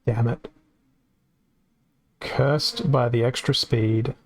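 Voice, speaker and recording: A man's voice: medium pitch, fairly even intonation, drawn-out words, a little hiss or hum. A man with an Australian accent giving casual live-stream commentary on a card game, chatty and reacting aloud as it plays out.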